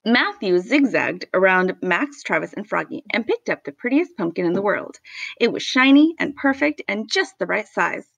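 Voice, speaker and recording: A woman reading a children's picture book aloud, expressive and playful with sound effects. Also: medium pitch, normal speed, vocal fry, dry recording, lo-fi sound. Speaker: storybook reader.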